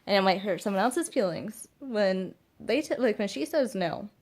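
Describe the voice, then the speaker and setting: Speaking at a normal speed, this young mother has a mid-range, expressive, slightly mellow voice. In her casual parenting vlog she addresses the camera earnestly, driving her points home through emphatic repetition.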